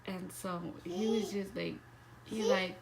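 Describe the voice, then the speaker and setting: A woman's voice: medium pitch, fairly even intonation, slow, vocal fry. Young woman doing a storytime vlog, casual and sweary, says like a lot, noisy hiss behind her. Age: young adult. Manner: casual, profane, heavy use of "like". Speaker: vlogger.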